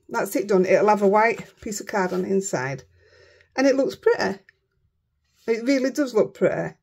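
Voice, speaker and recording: Chatty Yorkshire craft vlogger, woman, husky and a little gravelly, mutters asides. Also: medium pitch, darkish tone. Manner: chatty, self-mocking, often mutters under her breath. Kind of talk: casual chat while crafting.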